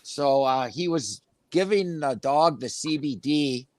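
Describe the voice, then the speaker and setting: A man's voice: a little high, slow, a little mellow, dry recording. A man in casual talk-show chat who jokes and laughs easily.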